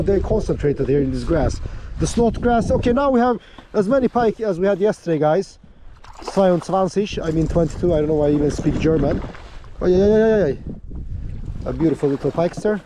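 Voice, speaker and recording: A high-pitched man chats eagerly to his viewers while fishing from a small boat out on open water. His talk is hyped and playful throughout. Water and motor noise sit clearly behind his voice. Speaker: fishing vlogger. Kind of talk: excited on-the-water commentary.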